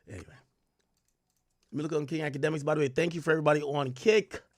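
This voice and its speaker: His voice is fairly high and his pace fairly quick as this young adult man runs a casual livestream. He reads chat out loud and rants in a lively, slang-heavy way. The sound is dry and studio-clean.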